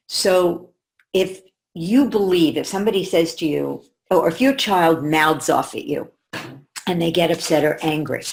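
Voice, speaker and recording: A middle-aged woman coach explaining calmly and in measured steps to camera. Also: low voice, vocal fry. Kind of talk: teaching talk to camera.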